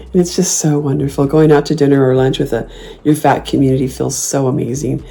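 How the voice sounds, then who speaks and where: A woman in her fifties with a low, mellow voice tells her stories in a loose, casual way. She is blunt and sassy, swears without a second thought, and slips into teasing, mocking voices when she repeats her comebacks. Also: brisk. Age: 50s. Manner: playful mocking put-on voices when quoting herself. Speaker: host. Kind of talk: casual talk to camera.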